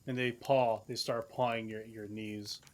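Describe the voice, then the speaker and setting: Relaxed man narrating as game master. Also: on the low side, measured pace, slight background noise.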